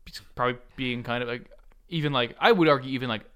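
A man's voice: mid-range voice, fast, a bit bright, clear, resonant tone. A man co-hosting a podcast in casual chat, with dry, wry remarks. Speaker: podcast co-host.

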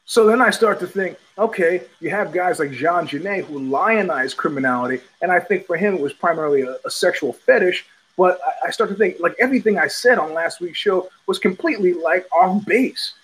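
Husky high-voiced man rambling with chuckles. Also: expressive, a bit bright, low-quality recording. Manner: halting, repeats words, chuckles often. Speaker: podcast host. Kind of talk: rambling casual monologue.

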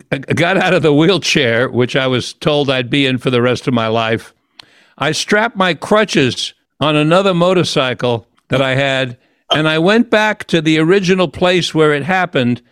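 Older man with a higher, dry voice. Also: expressive, unhurried, a bit bright, clean tone, dry recording. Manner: earnest, reflective, with frequent restarts. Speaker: host. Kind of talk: personal storytelling in an interview.

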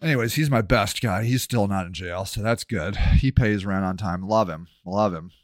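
A political commentator with a fairly low voice rants angrily about politics on a livestream, swearing constantly at a moderate pace. The audio is studio quality with no room sound.

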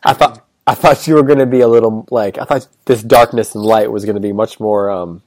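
Low-voiced male podcast host, dry sound. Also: steady tone, fairly quick, darkish tone, no room sound. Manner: joking, chatty, with filler words. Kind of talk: casual podcast chat. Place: hotel room. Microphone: wired earbud headset.

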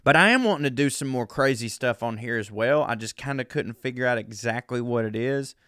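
A man's voice: mid-range voice, a little fast, a bit bright, dry recording, studio quality. A man from the South, hosting his podcast in a rambling, self-deprecating casual monologue and swearing freely. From American South. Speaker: podcast host.

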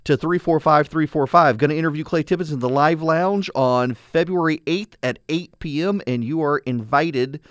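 A man hosting a talk radio show, sarcastic and animated, laughing at his own jokes. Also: a little high, moderate pace, hardly any pauses, clear, resonant tone, dry recording, studio quality. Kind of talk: conservative talk radio monologue. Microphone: studio microphone.

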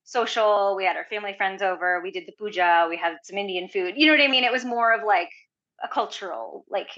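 Woman guest, casual storyteller, animated and chatty, crisp bright tone, muffled lo-fi recording. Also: mid-range voice, brisk. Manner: chatty, heavy use of "like", animated retelling. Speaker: podcast guest. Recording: dull lo-fi audio.

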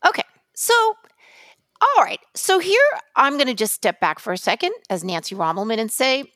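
A woman co-hosting a chatty podcast, acting out every story with theatrical flair and blunt, profane asides. Her voice sits fairly high. The sound is dry and close, with no room echo. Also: big pitch swings, moderate pace, a bit bright. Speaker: podcast co-host. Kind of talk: casual conversational podcast.

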